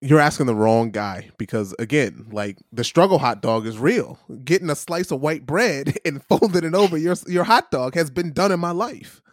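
A man's voice: a little high, expressive, normal speed, few pauses, no room sound, studio quality. A man co-hosting a casual chat, joking and teasing, often tripping over and repeating his words. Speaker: podcast co-host.

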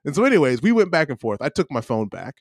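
A man co-hosting a podcast about living abroad tells a story in a high, very animated voice at a quick pace. The studio sound is clean with no room sound, and he acts out both sides of an argument in this casual chat.

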